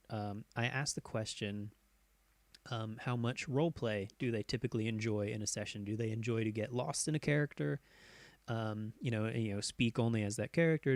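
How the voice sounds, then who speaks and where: Rambling man on a live stream. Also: no room sound. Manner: rambling, full of fillers and tangents; demonstrates voice tricks by shifting pitch and pace. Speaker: host. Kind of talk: casual live stream talk.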